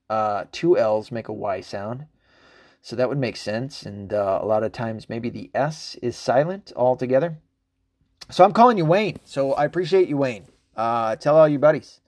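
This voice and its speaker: A male podcast host talking off the cuff in a loose solo monologue, cursing freely and circling back on himself. His voice sits at an ordinary middle pitch. The recording is dry and close, with no room sound. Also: a little mellow, dry recording. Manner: rambling and profane, with frequent fillers and laughs.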